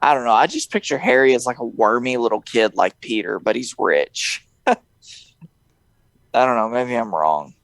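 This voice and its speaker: A man's voice: mid-range voice, moderate pace, no room sound. A young man hosting a casual podcast chat, laughing often and mimicking people in his stories. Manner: laughing, animated, mimics voices in quotes. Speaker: podcast host.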